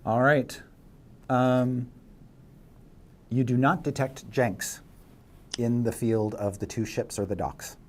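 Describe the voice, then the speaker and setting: A man's voice: mid-range voice, steady tone, slow pace, long pauses. A man acting as dungeon master, narrating a tabletop game in a playful way and laughing often.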